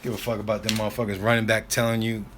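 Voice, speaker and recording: A man's voice: lowish voice, flat delivery, very fast, background noise. A man who drives oilfield trucks tells a rambling, profane story in a casual vlog, repeating himself and filling the gaps with asides.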